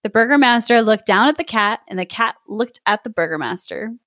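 A woman's voice: on the high side, a little fast, no echo, clean studio sound. A woman reading a folktale aloud in a casual chat, often laughing and breaking off to comment. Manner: giggly, reads with lively interjections. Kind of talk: casual podcast chat with read-aloud story.

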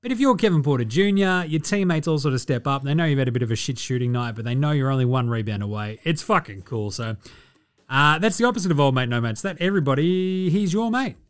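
A young Australian man hosts a podcast about sport, talking fast in a slightly high, clear, resonant voice. The casual chat is animated and sarcastic, packed with jokes and plenty of swearing.

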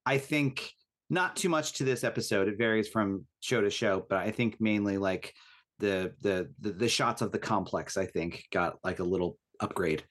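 A man's voice: on the low side, moderate pace, a bit bright. A man co-hosting a casual podcast, talking thoughtfully and enthusiastically as a fan. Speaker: co-host.

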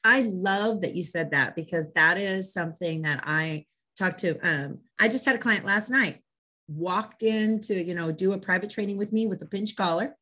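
A woman's voice: mid-range voice, normal speed. A woman who trains dogs, hosting a casual interview and telling stories with enthusiasm. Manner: enthusiastic, animated storyteller. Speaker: dog trainer and interview host.

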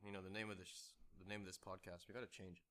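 A man's voice: low voice, little pitch movement, rapid-fire, bright, forceful tone. A man co-hosting a movie podcast in casual chat, swearing, laughing easily and tripping over his words. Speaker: podcast co-host.

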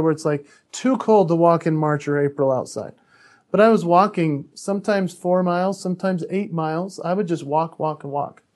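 Earnest man with a higher voice. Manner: earnest and candid, with frequent restarts. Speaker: podcast guest, author and speaker. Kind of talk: personal storytelling in a podcast interview.

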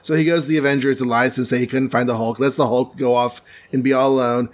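A man's voice: medium pitch, flat delivery, quick pace. A man retelling a comic book plot in a rambling, jokey way, full of ums and asides. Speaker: comics storyteller. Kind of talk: casual retelling.

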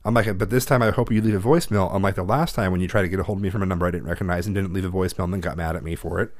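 A man's voice: deep voice, steady tone, racing, no room sound, studio quality. A man in his thirties, a parent, telling a heated story in casual chat and swearing often.

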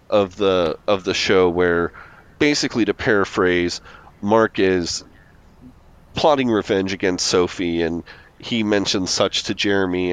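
A man's voice: deep voice, clear, resonant tone. A man co-hosting a podcast, casually recapping a TV episode and chuckling as he recounts scenes. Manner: amused, laughs often while recounting scenes. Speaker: podcast co-host.

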